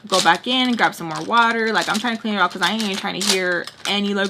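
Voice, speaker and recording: A woman's voice: mid-range voice, fast talker, hardly any pauses, pushed and bright, slight background noise. A young woman telling a casual storytime, chatty and full of "like", acting out her own thoughts. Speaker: storytime vlogger.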